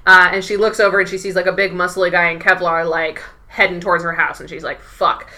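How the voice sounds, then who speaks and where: Woman podcast co-host, casual recap chat, bright forward tone, slightly low pitch, acts out quotes with laughs. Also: level tone, fast talker.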